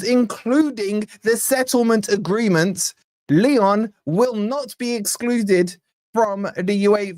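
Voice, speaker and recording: A man's voice: sits high, no room sound. Pompous posh announcer, formal, over-enunciated, put on by a male streamer. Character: pompous posh male official reading a statement.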